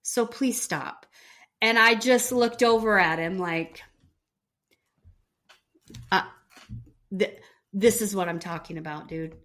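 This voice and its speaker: A woman's voice: mid-range voice, slow, pauses often, a bit bright. A middle-aged woman co-hosting a podcast, telling a story and acting out the dialogue. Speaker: podcast co-host. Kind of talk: casual chat, storytelling.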